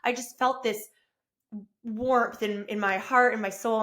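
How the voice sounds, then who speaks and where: Her voice a little high and her pace measured, a thirty-something woman hosts a casual solo podcast she records herself on camera. She is effusive and enthusiastic throughout, climbing now and then into bursts of excitement.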